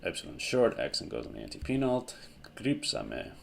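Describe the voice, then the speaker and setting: Male teacher, very low and gravelly, slow and methodical delivery, whiteboard lesson. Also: wildly swooping pitch, slight background noise. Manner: slow, methodical explaining with self-corrections. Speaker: language teacher.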